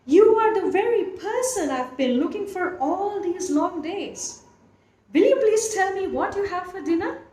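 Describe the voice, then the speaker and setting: A woman's voice: extremely high pitch, sing-song, moderate pace, a little mellow. A woman voicing a curious, very polite young male elephant calf in a storybook reading. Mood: eager. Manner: eager, very polite. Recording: echoey room, faint noise.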